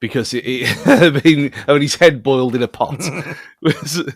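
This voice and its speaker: A man's voice: medium pitch, moderate pace, dry recording, studio quality. A man co-hosting a podcast in casual chat, hesitant and often laughing. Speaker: podcast co-host.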